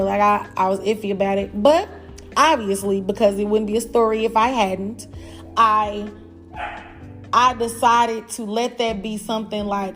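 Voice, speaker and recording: A young woman hosting a podcast, telling a personal story in a blunt, animated, profane way and talking straight to her listeners. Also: mid-range voice, measured pace, faint music behind. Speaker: podcast host. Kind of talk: casual storytelling.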